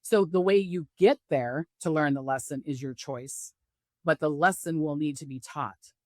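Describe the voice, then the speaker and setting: A middle-aged woman who works as a psychic medium chats casually in a spiritual interview, voicing the people she quotes. Her voice is low and darkish, her pace moderate, and the studio recording is clean with no room sound.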